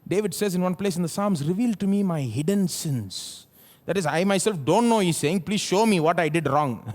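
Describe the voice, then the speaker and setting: This sermon comes from a male pastor with an Indian English accent at a live church service. His voice is high-pitched, and he asks rhetorical questions while alternating between loud and soft passages.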